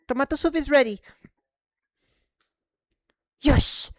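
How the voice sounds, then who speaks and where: A woman streaming live, chatting casually and excitably with viewers while playing, slipping between English and Spanish. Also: on the high side, unhurried, smooth, dry recording.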